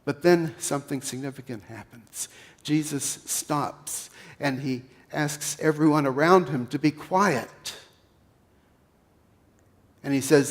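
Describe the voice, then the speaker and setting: Slow-preaching pastor with a Pennsylvania accent. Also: male voice, fairly high pitch. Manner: slow, guided-imagery storytelling that swells loud then drops to a hush. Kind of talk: sermon.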